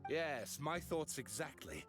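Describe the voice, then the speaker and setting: A man voicing an eager, excitable young male writer in a video game. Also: mid-range voice, slow pace, faint music behind. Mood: excited.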